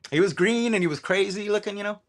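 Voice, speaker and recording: A man's voice: high voice, fast. Laid-back man telling stories. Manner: animated storyteller, swears casually. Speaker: guest toy customizer. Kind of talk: casual chat.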